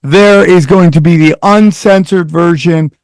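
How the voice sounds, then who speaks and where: High-pitched loud comedian host, dry mic. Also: male voice, a little slow, clear, resonant tone, no echo. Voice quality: loud, crude, joking. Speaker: podcast host. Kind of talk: casual podcast chat.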